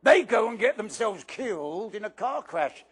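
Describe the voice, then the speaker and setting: A man voicing a loud, drunken, bullying older aunt with a blustering, contemptuous way of talking, reading a children's novel aloud. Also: high-pitched, sing-song, normal speed, breathy edge, exaggerated voice. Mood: spiteful fury. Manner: blustering, contemptuous, stretched-out words.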